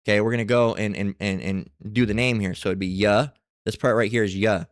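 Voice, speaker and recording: A man giving a casual scripture lesson, reading passages aloud and talking in a halting way with many fillers and restarts. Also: lowish voice, steady tone, no echo, studio quality. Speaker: religious teacher.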